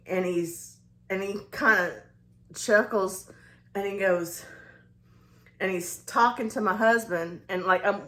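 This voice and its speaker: A woman's voice: on the low side, a bit bright. A woman in her forties with a Southern US accent, telling a casual confiding story with a rambling delivery and many restarts. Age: 40s. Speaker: vlogger.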